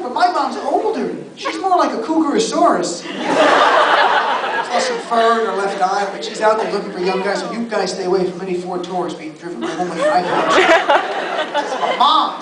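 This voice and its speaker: A stand-up comedian from New Jersey works the crowd on a comedy club stage, firing off mock-exasperated asides to a live audience. His voice sits high with lively intonation, fairly quick. The roomy, distant club sound is loud with crowd noise, laughter and chatter.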